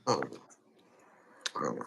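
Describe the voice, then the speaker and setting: A man's voice: very slow, noisy background. A man hosting a casual chat, rambling, slangy, and repeating himself. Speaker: podcast host.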